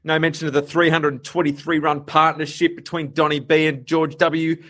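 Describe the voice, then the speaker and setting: Fairly high in pitch, level in tone and fairly bright, this Australian podcast host speaks at normal speed. His casual storytelling is chatty and full of laughter and fillers.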